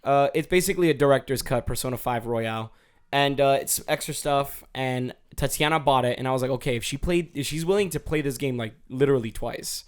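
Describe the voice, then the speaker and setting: A man in easy podcast banter, loose and slangy, his voice sitting at an ordinary middle pitch. He drifts along with plenty of fillers and gets hyped when something excites him. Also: brisk, smooth. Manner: laid-back, slangy, hype. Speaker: podcast co-host. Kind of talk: casual chat.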